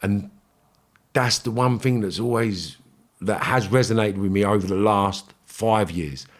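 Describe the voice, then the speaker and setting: A man's voice: on the low side, measured pace. A middle-aged man with a London accent, a podcast guest telling stories in casual chat, blunt and full of swearing. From England. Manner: blunt, swearing, acts out quotes in raised voice.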